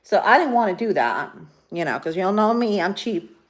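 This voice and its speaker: A woman's voice: medium pitch, very animated, normal speed. A woman in her fifties from Spain, chatting casually on a livestream while she cooks in her home kitchen, rambling with many fillers. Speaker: livestream host.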